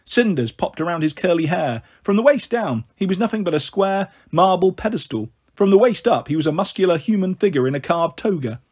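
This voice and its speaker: A man narrating a storybook in a steady reading voice. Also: sits high, fairly quick, few pauses, husky. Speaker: audiobook narrator.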